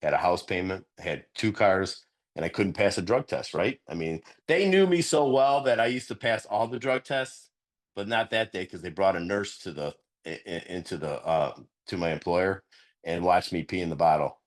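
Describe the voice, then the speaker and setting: Sharing candidly at a recovery meeting, a middle-aged sponsor comes across as earnest and lively, laughing frequently. He talks at a moderate pace, and his pitch rises whenever he emphasizes something.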